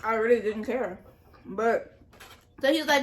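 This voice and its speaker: Young woman vlogger, a little high-pitched, slangy and candid storytime with food. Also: a little fast, pauses often. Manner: candid, animated, slangy, laughs at herself. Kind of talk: casual storytime while eating.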